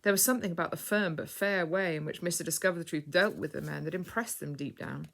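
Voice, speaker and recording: A woman reading a children's story aloud in clear, measured scripted narration. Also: fairly low pitch, a bit bright.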